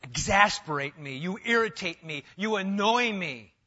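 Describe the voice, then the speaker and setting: Emphatic male preacher, bright voice. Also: high voice, lively intonation, measured pace. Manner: emphatic, swings between loud and hushed. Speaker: pastor. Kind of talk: sermon. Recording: dull lo-fi sound.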